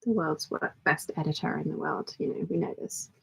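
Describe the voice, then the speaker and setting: A woman with a hoarse, croaky voice, chatting casually and rambling as she sews and answers a live chat. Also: deep voice, a little fast. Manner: rambling, self-deprecating, chatty. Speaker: sewing livestream host. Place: home sewing studio.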